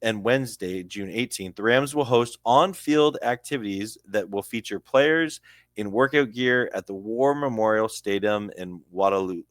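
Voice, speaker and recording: A man's voice: on the low side, moderate pace, dry recording, studio quality. Chatty Canadian man reading sports news. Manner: chatty, laughs at own slips, stumbles over names. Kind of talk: casual commentary reading an article aloud.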